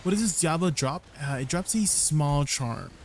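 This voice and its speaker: A man's voice: a little high, lively intonation, normal speed, gravelly, a little hiss or hum. A man chatting casually while streaming a game, laughing often and trying out foreign words. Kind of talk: casual game livestream chat.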